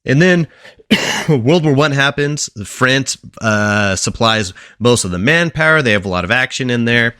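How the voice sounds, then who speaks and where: A man's voice: medium pitch, animated, unhurried, bright, forceful tone, clean tone, dry recording, studio quality. A young man hosting a casual podcast, walking his friends through a history story with lots of fillers and quiz questions. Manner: rambling explainer, asks quiz questions, many fillers and restarts. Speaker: podcast co-host presenting a history segment.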